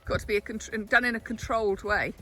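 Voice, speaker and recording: A woman coaching a rider in an outdoor arena, encouraging and quick to laugh. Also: on the high side, steady tone, a bit bright. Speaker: trainer helping on the ground. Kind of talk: casual coaching chat.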